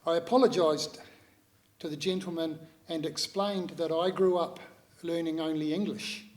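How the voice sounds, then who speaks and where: Reflective New Zealand man, slightly high. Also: steady tone. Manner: measured, reflective, with many pauses and hesitations. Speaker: speaker at a public talk. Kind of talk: personal talk to an audience.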